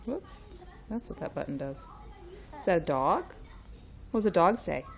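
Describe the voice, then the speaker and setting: A woman's voice: lowish voice, sing-song, moderate pace, creaky. Woman coaxing a toddler in a sing-song voice. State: sniffly. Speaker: mother. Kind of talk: casual talk to a toddler.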